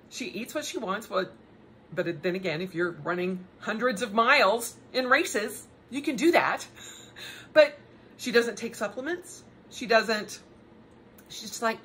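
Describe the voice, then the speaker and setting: A middle-aged woman telling a story in a chatty, animated way, with laughing asides. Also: medium pitch, a little slow, pauses often, slightly rough. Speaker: podcast host. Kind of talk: casual personal monologue.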